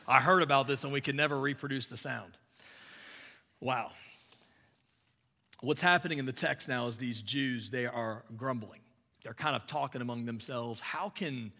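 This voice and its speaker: Pastor, male, bright and forceful delivery, conversational sermon with loud emphatic peaks. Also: mid-range voice, big-room sound.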